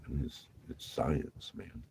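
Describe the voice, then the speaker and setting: A man's voice: rumbling low, slow pace, vocal fry, a little mellow, slight background noise. A man telling rambling, profane stories about his navy days in casual vlog talk, laughing often between lines.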